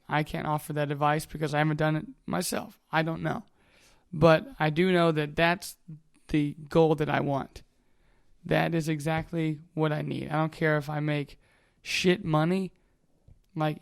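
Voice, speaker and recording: A man's voice: a little high, flat delivery, measured pace, vocal fry, clear, resonant tone. A man in his twenties talking candidly in a casual motivational monologue, rambling and swearing freely. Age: 20s. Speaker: vlogger.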